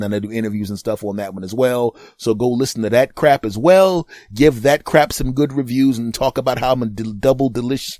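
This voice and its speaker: A man's voice: medium pitch, a little mellow, no echo, studio quality. A man in his fifties hosting a comedic podcast monologue, brash and trash-talking, laughing at his own jokes. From Northeastern US. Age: 50s. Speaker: podcast host.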